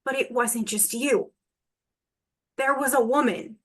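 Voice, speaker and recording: A woman's voice: fairly high pitch, fairly even intonation, unhurried. A woman playing a young woman who presses for the truth about her mother, rehearsing lines in an acting class. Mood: pressing.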